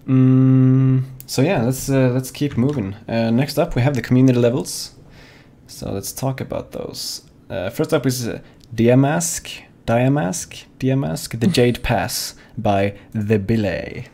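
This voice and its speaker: A young man co-hosting a fan-made live gaming show talks in a mellow, mid-range voice at a measured pace. His casual chat rambles, full of fillers and restarts.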